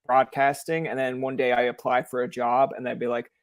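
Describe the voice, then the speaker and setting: A young man hosts a talk show, chatting and joking with his guest and acting out little imagined conversations. His voice is plain and mid-pitched, recorded dry and close. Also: flat delivery, brisk, no echo. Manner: joking, acts out imagined dialogues. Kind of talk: casual interview chat.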